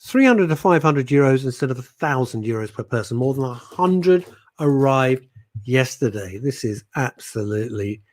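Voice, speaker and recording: A man's voice: mid-range voice, animated, normal speed. A man hosting a radio show, blunt and jokey as he reads out listener messages. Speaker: radio host. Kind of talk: casual radio chat.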